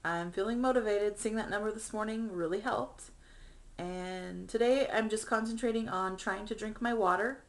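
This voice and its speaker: A young woman with a mid-range voice records a personal video diary at normal speed. She speaks in a chatty, earnest vlogger style, with lots of ums, and grows emotional until she's close to tears.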